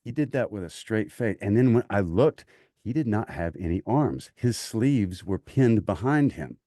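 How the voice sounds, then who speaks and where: A man's voice: lowish voice, unhurried, dry recording, clean studio sound. A man with a Southern US accent telling a war story in a casual podcast chat, acting out the voices of the people in it. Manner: animated storyteller, acts out quoted voices. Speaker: podcast guest, voice actor.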